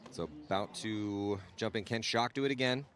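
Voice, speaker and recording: A man's voice: fairly low pitch, moderate pace, fairly bright tone. A man calling a live paintball match in casual, chatty play-by-play. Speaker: paintball commentator. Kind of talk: live sports commentary. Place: outdoor paintball event. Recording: crowd noise behind.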